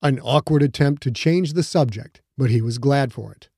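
A man reading a novel aloud as narrator, measured and even. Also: medium pitch, husky, no room sound, clean studio sound. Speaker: audiobook narrator. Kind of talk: scripted narration.

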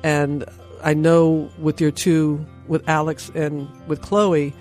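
A middle-aged woman, a guest in a heartfelt conversation, telling her story in an emphatic, animated way. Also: sits low, takes it slowly, faint music behind.

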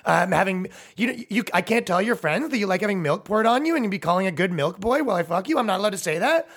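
A man voicing a loud, tactless young woman who blurts things out indignantly in a high, shrill voice. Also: animated, fast talker, heavily acted.

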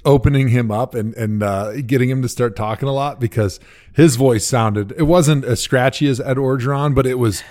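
A man in his thirties talks football on a podcast in an animated, opinionated way. He laughs often and tells stories from his playing days. His voice is mid-pitched and conversational. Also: normal speed. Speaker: podcast co-host, former pro football player. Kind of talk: casual chat.

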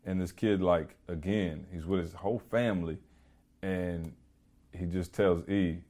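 A man with a fairly low speaking voice chats on a podcast, spinning a long anecdote. He talks casually and animatedly, with plenty of fillers along the way. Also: unhurried. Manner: animated, rambling with many "you know" and "like" fillers. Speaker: podcast co-host. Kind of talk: casual storytelling chat.

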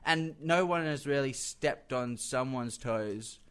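A man, a guest musician telling stories in casual chat and acting out quotes with lively voices. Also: mid-range voice, slow pace, clean tone. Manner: animated storyteller who acts out quotes.

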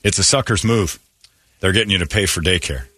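Joking male radio co-host, husky. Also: sits low, bright, forceful tone, no echo. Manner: joking, riffing, quick asides. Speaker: radio morning show co-host. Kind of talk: casual radio banter.

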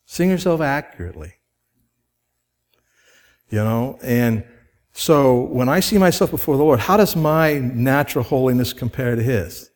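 A man's voice: mid-range voice, lively intonation, darkish tone. A man preaching a sermon to a congregation in a conversational way, asking rhetorical questions and growing emphatic as he goes. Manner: grows emphatic and quickens when stirred. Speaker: pastor.

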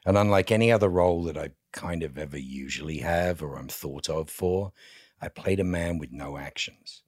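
Very deep husky-voiced man telling stories. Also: moderate pace, a little mellow, dry recording, clean studio sound. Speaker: podcast guest, actor. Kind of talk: casual interview chat.

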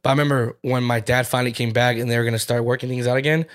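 A man's voice: mid-range voice, fairly even intonation, very fast. A man in his twenties, a podcast co-host, telling a candid personal story with plenty of swearing. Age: 20s. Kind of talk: casual chat.

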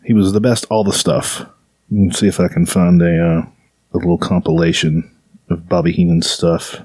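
A man talks casually as a podcast host, wandering through his thoughts with plenty of fillers and a sarcastic edge. His voice sits low. The sound is dry and close. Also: flat delivery, moderate pace, darkish tone, breathy edge, no echo. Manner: rambling, sarcastic, lots of fillers. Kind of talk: casual chat.

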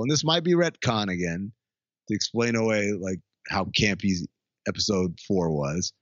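A man's voice: fairly low pitch, lively intonation, normal speed, no room sound, dull audio. A man co-hosting a podcast in a loose, casual chat, swearing freely and laughing often. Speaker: podcast co-host.

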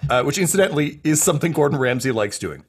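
A man narrating as game master of a tabletop game, rambling casually with many fillers and trailing off softly. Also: fairly high pitch, expressive, quick pace, breathy edge.

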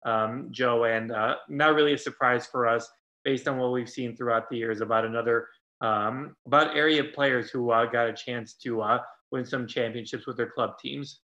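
Male podcast host, bright forceful tone, dull lo-fi sound, casual and full of fillers. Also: medium pitch, moderate pace. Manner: frequent ums and uhs, relaxed. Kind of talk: casual sports podcast chat.

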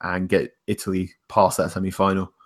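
A man's voice: sits low, flat delivery, fairly quick. A man co-hosting a casual football podcast, opinionated and chatty. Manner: opinionated, names hero and villain of the week. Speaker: podcast co-host.

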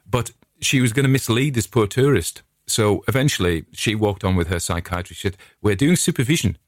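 On his own show, a middle-aged podcast host from England tells stories in a friendly, meandering, casual chat. His voice is lowish and fairly quick, captured in a dry, studio-quality recording.

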